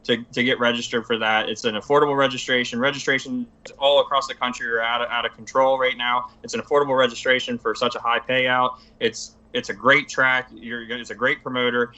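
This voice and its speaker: Rambling eager man, bright tone. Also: mid-range voice, level tone, brisk, hardly any pauses, dull audio. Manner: rambling, eager, heavy on "you know". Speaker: guest. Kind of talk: casual chat.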